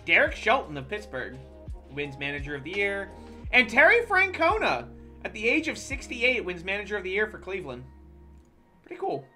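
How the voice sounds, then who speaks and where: Lively, bright-voiced game streamer. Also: medium pitch, faint music behind. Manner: profane, quick to loud exasperated outbursts. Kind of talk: casual gameplay commentary.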